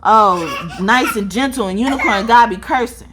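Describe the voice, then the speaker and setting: Animated, profane woman reading tarot. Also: on the high side, normal speed, background noise. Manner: animated, profane, laughs often. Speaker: tarot reader.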